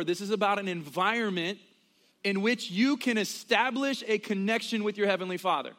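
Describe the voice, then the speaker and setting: A man in his early thirties preaching a sermon in a conversational way, with quick asides and acted-out quotes. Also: sits high, fairly bright tone. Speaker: pastor.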